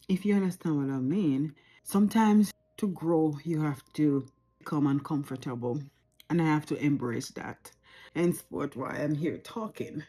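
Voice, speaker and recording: Jamaican woman, forties, mellow and warm tone, unscripted reflective to-camera talk from home. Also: deep voice. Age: 40s. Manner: reflective, earnest, repeats phrases for emphasis. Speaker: vlogger.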